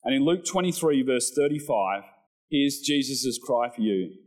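A man preaching a sermon to his church, telling the story with animated delivery and acted-out quotes. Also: medium pitch, a little slow, poor audio. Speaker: pastor.

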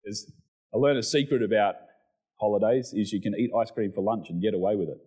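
A middle-aged man preaching a sermon, animated, with excited exclamations and humorous asides. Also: lowish voice, quick pace. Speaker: pastor.

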